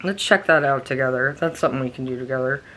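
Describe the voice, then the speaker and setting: Talking fast in a fairly bright voice, a tired woman with a migraine records a casual daily vlog from her living room. She rambles in a low-key way, using plenty of fillers.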